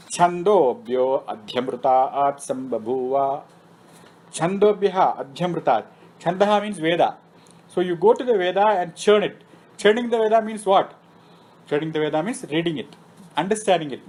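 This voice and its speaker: A man's voice: fairly high pitch, expressive, moderate pace, darkish tone, poor audio. A man lecturing on Vedic philosophy who recites Sanskrit terms and then explains them, often asking himself a question and answering it. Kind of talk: scripture lecture. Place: temple meeting room.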